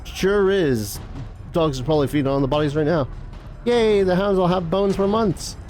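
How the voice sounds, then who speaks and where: A man putting on high, squeaky voices for cheeky, bloodthirsty village children. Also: normal speed, a little mellow, faint music behind, close to an everyday voice. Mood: gleeful.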